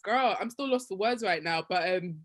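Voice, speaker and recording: A woman's voice: medium pitch, moderate pace. A woman, a guest on a podcast, talking in an effusive, exclaiming way. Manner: effusive, exclaiming, laughs often. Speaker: podcast guest, sex and dating writer. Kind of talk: casual chat.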